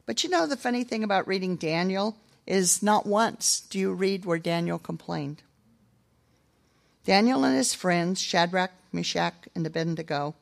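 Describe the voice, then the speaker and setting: An older woman preaches in a casual, chatty way, poking gentle fun at herself as she tells stories. Her voice is gravelly with some vocal fry. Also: on the low side. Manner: chatty, self-deprecating. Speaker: speaker at a church gathering. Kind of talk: casual storytelling sermon.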